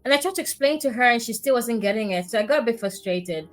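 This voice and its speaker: A woman hosting a podcast conversation, telling stories in a lively way and acting out what people said. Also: fairly high pitch, quick pace, faint music behind. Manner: animated storyteller who acts out quoted lines. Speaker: podcast host.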